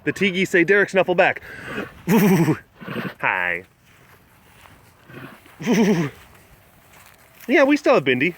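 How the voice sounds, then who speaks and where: Young guy from wisconsin doing a livestream outside, kinda high voice, bouncing all over the place, goofy hype. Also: a little slow, pauses often, a little hiss or hum. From southwest Wisconsin, USA. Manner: animated, joking, swings between loud hype and low mumbles. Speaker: livestream host at a big cat facility. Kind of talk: casual livestream chat reading viewer comments.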